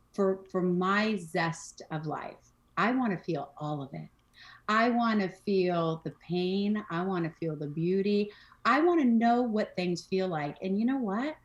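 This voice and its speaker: A woman's voice: medium pitch, muffled recording. A woman talking as a podcast guest, casual and emphatic, often repeating phrases and acting out what people say. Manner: emphatic, repeats phrases, acts out quoted speech. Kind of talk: casual conversation on mental health and spirituality.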